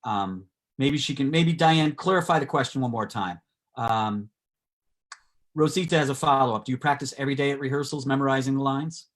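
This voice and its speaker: Man hosting an online interview show; halting delivery, many fillers. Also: mid-range voice. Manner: halting, filler-heavy questions. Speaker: host.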